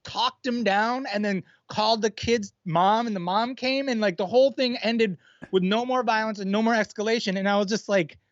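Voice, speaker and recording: A man's voice: high voice, fairly even intonation, moderate pace, dry recording, highs cut off. A man co-hosting a live stream, telling anecdotes in a laid-back way, swearing and laughing often. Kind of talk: casual storytelling chat.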